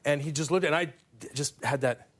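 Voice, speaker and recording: A man's voice: fairly high pitch, a little fast, a bit bright. Flustered male talk show guest. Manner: flustered, self-deprecating, rambling with restarts. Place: television studio.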